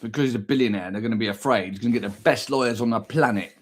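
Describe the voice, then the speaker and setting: A male vlogger speaks at a medium pitch and a racing pace in a casual rant-style food vlog. He is crude and exaggerated, with swearing throughout.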